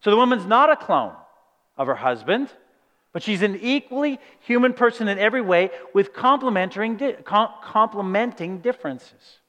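A man preaching a sermon, lively and conversational, often asking "right?" and acting out quoted voices. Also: high-pitched, normal speed, dull audio. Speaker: pastor. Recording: reverberant hall.

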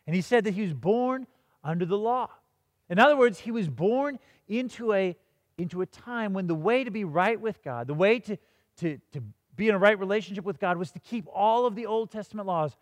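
A man's voice: high-pitched, lively intonation, normal speed, no echo, big-room sound. A man preaching a sermon, telling a story and reading scripture, often restarting and repeating words. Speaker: pastor.

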